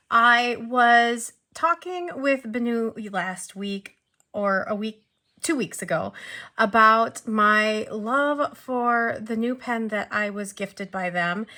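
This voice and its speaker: A woman hosting her own channel, chatting with bubbly excitement as she unboxes and reviews a pen, often trailing off and restarting her sentences. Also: medium pitch.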